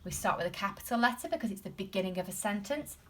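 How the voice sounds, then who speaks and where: A woman with an English accent teaching a phonics lesson to young children, sounding out letters slowly and encouraging the class, sometimes dropping into a whisper. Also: mid-range voice, animated. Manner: drops to a whisper at times.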